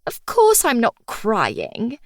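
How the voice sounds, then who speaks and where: A woman's voice: a little high, huge pitch swings, slow pace, dry recording, clean studio sound, heavily acted. A woman voicing a posh, irritable young woman who answers in clipped, haughty tones in an audiobook. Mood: irritated. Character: posh, prickly young woman in a hospital bed.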